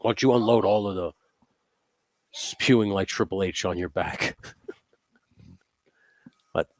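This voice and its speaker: A man's voice: sits low, slow, dry recording. A man hosting a live stream in casual chat, joking and laughing often. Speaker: host.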